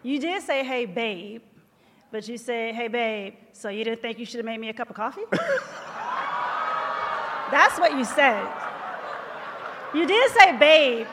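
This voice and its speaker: A woman's voice: fairly high pitch, lively intonation, moderate pace, long pauses, fairly bright tone. A woman co-hosting a live podcast, playfully telling her side of a story with laughter. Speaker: podcast co-host. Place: live tour venue. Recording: hall reverb with faint room noise.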